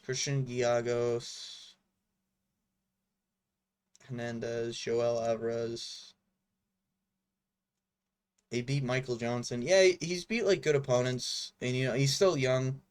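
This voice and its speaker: A man's voice: medium pitch, slow pace, long pauses, smooth. A young man in a casual, rambling fight breakdown, frank and swearing freely, with lots of fillers. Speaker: MMA commentary vlogger.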